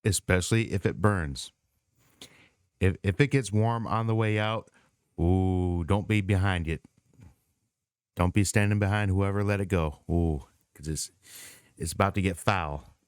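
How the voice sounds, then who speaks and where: A man hosting a reaction video in a low, smooth voice, relaxed and chatty as he comments between clips. The sound is dry and close. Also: unhurried, long pauses, dry recording. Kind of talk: casual commentary.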